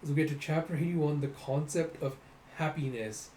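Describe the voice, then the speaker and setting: A man's voice: on the high side, normal speed. Man reading comics with sound effects. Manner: animated, acts out sound effects. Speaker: comic readthrough host. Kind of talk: casual comic readthrough. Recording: echoey room, faint noise.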